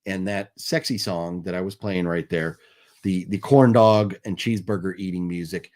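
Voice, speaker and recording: Easygoing man hosting a live stream. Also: sits low. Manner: lively, apologetic, chuckling, drawn-out name calls. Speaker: host of a live movie news stream. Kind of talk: casual live-stream giveaway chat.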